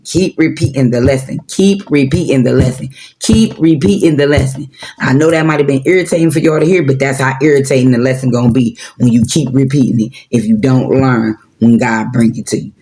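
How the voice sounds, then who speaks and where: A man's voice: medium pitch, darkish tone. A man in his forties giving a casual, preachy spiritual talk with slang and profanity, repeating his points. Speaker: spiritual vlogger.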